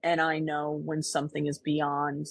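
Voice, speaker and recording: A woman co-hosts a podcast, speaking in a low, monotone voice at a normal speed on a dry recording. In casual conversation she talks earnestly and reflectively, often starting her sentences over.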